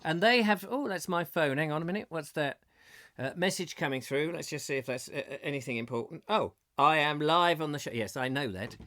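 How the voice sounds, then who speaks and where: A man's voice: a little high, a little fast, sharp tone. A middle-aged man hosting a live chat show, chatty and theatrical with rambling asides while he reads out viewer comments. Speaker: host.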